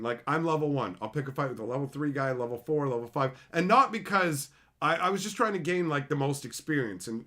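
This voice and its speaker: Host, male, animated storyteller, bright voice with lots of pitch swing. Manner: playful, excitable, slips into voices. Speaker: channel host.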